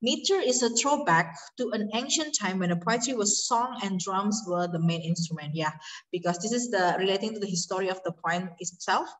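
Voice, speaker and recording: A woman's voice: mid-range voice, a little fast, fairly bright tone. Woman lecturing, distant mic. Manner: hesitant, many fillers, switches into Indonesian. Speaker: university lecturer. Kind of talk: online lecture on poetry.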